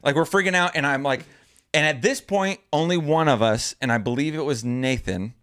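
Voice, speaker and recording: Young guy, podcast co-host, casual storyteller, smooth clear voice, lively when quoting. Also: a little high, normal speed. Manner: animated, acts out quotes in a raised voice.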